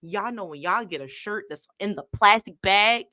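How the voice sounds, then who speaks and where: Woman on a podcast telling stories, does little voices for everyone, bright clear tone, dry close sound. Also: medium pitch, normal speed, dry recording. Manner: animated, acts out street scenes in voices. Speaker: podcast guest. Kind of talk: casual storytelling chat. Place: from the D.C. area.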